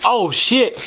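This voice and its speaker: A young man filming a spicy food challenge, talking casually on camera, excitable and profane, flustered and teary, with music behind him. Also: slight background noise. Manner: excitable, profane, loud yelps and exclamations. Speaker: challenge video creator. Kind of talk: casual on-camera commentary while eating. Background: background music.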